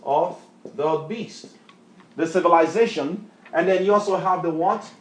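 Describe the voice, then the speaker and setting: At a measured pace and with a high voice, a man teaches and preaches from scripture, with slight background noise and room echo. He's emphatic, pressing his reader with question after question in call-and-response fashion.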